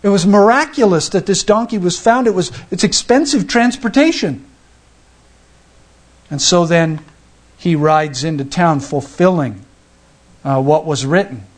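Guy with a pretty high voice preaching, chatty storytelling sermon, lots of restarts. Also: expressive, unhurried, long pauses. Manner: conversational, acts out the people in the story; frequent restarts and fillers. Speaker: pastor.

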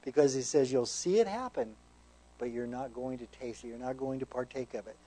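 Earnest man preaching, mellow voice. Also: medium pitch, brisk, poor audio. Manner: conversational and earnest, reads scripture aloud with emphasis. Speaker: pastor. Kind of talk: verse-by-verse Bible teaching sermon.

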